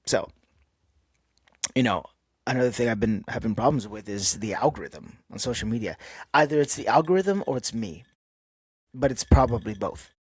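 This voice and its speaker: A man's voice: medium pitch, animated, moderate pace, long pauses, husky, no echo. A man hosting his own podcast, talking candidly in a rambling, casual way with lots of fillers. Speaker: podcast host. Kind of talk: casual solo podcast monologue.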